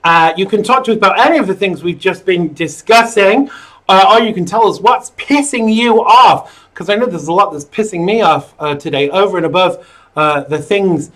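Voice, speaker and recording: A man in his thirties with an American accent hosts a live political call-in show from a small home studio. His voice sits high for a man, and he speaks in an opinionated, filler-laden way. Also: moderate pace, fairly bright tone, low-quality recording. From United States. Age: 30s. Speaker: talk show host.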